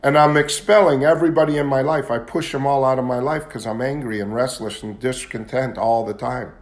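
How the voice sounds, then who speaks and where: A man's voice: mid-range voice, fairly even intonation, a little fast. A man giving a candid, confessional talk at a recovery meeting, at times building into agitated intensity. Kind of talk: personal testimony talk.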